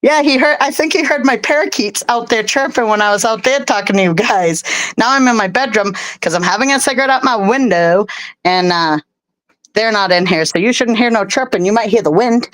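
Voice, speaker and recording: A woman's voice: a little high, a little fast, a bit bright, no room sound, poor audio. A woman hosting a casual live stream from her bedroom by an open window, chatty and rambling, laughing often.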